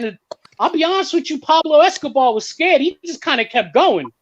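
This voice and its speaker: A man's voice: normal speed, lo-fi sound, a little hiss or hum. A man telling a story on a casual car podcast as a guest, swearing freely and acting out what others said. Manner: animated, swears freely, acts out quotes in a higher voice.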